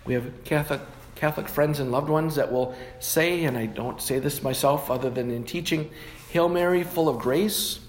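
A man's voice: mid-range voice, moderate pace, slight background noise. A man preaching a sermon, teaching through scripture and often stopping to correct himself. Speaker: pastor.

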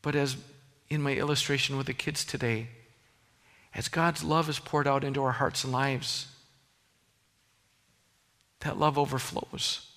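A man's voice: mid-range voice, steady tone, measured pace, long pauses, pushed and bright, in a large hall. A man preaching a sermon as pastor, earnest and emphatic, often restarting his phrases.

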